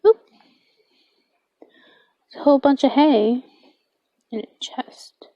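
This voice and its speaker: A young woman from Minnesota commenting on her gameplay in a soft-spoken manner, often dropping to a whisper and reading game text aloud. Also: sits high, slow, no echo, lo-fi sound. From Minnesota, USA. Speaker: gamer.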